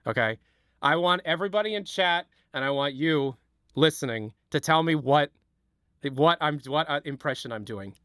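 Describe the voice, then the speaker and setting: A man's voice: a little high, normal speed, a bit bright, no echo, studio quality. A man streaming casual, rambling commentary while exploring game maps, cursing and joking as he goes. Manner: rambling, profane, jokey.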